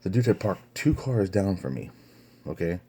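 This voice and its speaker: A man's voice: low-pitched, big pitch swings, moderate pace, warm tone, breathy edge. A young man telling a story to his vlog camera in a casual, profane way, with lots of fillers and restarts. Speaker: vlogger.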